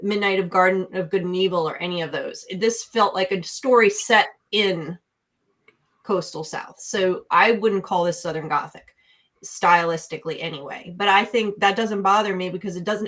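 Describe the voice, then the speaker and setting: A woman from New York talking casually on a podcast about movies. She is analytical and opinionated, restarting her sentences as she thinks, and her voice sits at a middle pitch. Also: fairly bright tone. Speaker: podcast co-host, film reviewer. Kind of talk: casual chat.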